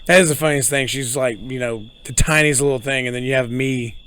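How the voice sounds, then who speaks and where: A man's voice: mid-range voice, fairly even intonation, brisk, a bit bright, clean tone. A man co-hosting a casual podcast, teasing his friend bluntly and swearing freely. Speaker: podcast co-host. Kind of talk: casual chat. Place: front porch.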